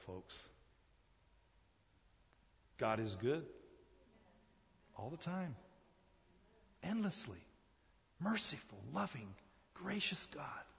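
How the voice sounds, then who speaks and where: Man, pastor, sermon, loud calls and hushed asides, dull lo-fi audio, long hall reverb. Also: on the low side. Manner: dynamic preaching, swinging from loud emphatic calls to hushed asides; repeats phrases for emphasis, addresses listeners as folks. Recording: muffled recording in a long-echo hall.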